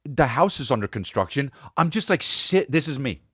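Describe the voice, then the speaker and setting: A man hosting a podcast, telling a rambling comic story in a profane, animated way. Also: medium pitch, moderate pace, husky, no echo, studio quality. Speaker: podcast host. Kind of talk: comedic storytelling.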